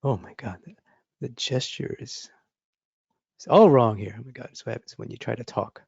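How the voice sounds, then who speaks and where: A man's voice: moderate pace, vocal fry, a little mellow, husky, no echo, muffled recording. Enthusiastic man teaching a drawing lesson. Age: 40s. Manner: enthusiastic, repetitive emphasis with sound effects like boop and boom. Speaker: art instructor. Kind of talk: drawing lesson with live demonstration.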